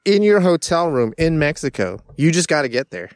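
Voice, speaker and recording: A man co-hosting a comedy podcast, joking loudly and riffing in casual banter. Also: on the high side, very animated, brisk, no echo, studio quality. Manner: loud, joking, riffs on bits. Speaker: podcast co-host.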